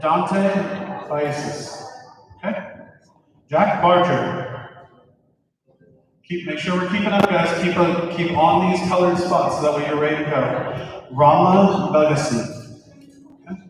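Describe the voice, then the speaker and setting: A man, his voice a bit high for a man, reads out names one after another in an upbeat, directive way. He is heard from far across a large gym. His voice rings off the walls with a long, booming echo. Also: unhurried, long pauses. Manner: upbeat, directive, stumbles over names and apologizes. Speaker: school staff member running graduation rehearsal. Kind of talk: calling out names and giving instructions. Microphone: far from the speaker.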